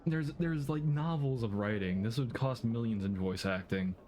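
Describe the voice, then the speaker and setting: A man's voice: mid-range voice, a little mellow, slight background noise. A man streaming a game, talking casually with many halts, restarts and fillers. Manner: halting, stammering, lots of fillers.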